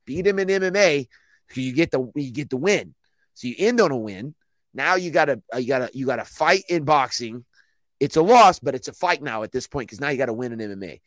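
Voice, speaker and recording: A man's voice: medium pitch, animated, brisk, dry recording. Laid-back man in profane banter. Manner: loose, profane, laughing banter. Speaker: podcast co-host. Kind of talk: casual chat.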